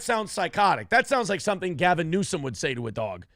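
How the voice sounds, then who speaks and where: A man with a high, sing-song voice talks fast in a fairly bright tone, recorded dry with studio quality. Hosting a morning show, he riffs on a news clip in a crude, profane, mocking rant for comedic effect.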